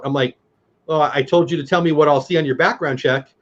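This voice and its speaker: A man co-hosting a casual watch-party chat, telling blunt, animated work stories. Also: on the high side, fairly quick. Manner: blunt, animated storytelling with quoted voices. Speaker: co-host. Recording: dull lo-fi sound.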